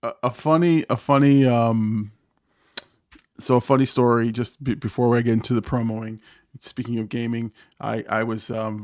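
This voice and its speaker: A man hosting a casual live-stream chat, telling a gaming story with frequent laughs, stammers and high-pitched mimicry of others. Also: a little mellow, dry recording, clean studio sound. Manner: laughs often, stammers and restarts. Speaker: podcast host.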